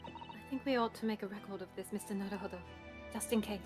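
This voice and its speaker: A woman voicing a polite young female assistant with a soft, courteous manner, reading game dialogue aloud. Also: medium pitch, steady tone, fast, over music, natural voice.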